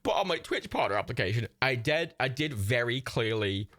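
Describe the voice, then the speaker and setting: A man's voice: mid-range voice, lively intonation, normal speed, pushed and bright, no echo. A young man hosting a livestream, rambling and swearing in casual chatter, laughing often and mocking himself. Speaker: livestream host.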